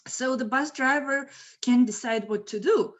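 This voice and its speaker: Animated woman telling a story. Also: high voice, a little slow. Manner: lively, animated, laughs mid-sentence. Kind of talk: casual spoken storytelling. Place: home, virtual event. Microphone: video call.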